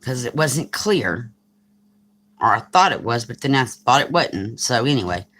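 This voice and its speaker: A woman's voice: a bass voice, expressive, measured pace, fairly bright tone. A woman in her forties with a Southern US accent, chatting casually on a crafting live stream and reading comments aloud. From Alabama, US. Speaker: crafting channel host.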